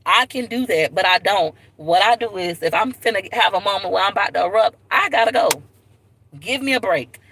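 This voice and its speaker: A woman speaks straight into her phone on a live stream, open and unguarded as she tells her story. Her voice is bright and forward, with a heartfelt edge and moments close to tears. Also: mid-range voice, a little fast, a little hiss or hum, rough recording. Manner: candid, tearful at times, Southern US slang. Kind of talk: emotional personal storytelling.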